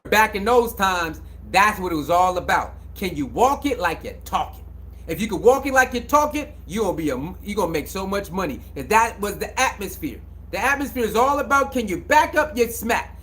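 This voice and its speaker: A man's voice: high-pitched, very animated, normal speed, a bit bright. A man giving a casual, emphatic sports commentary monologue, repeating phrases for emphasis and using slang. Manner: emphatic, repetitive, preachy, slangy.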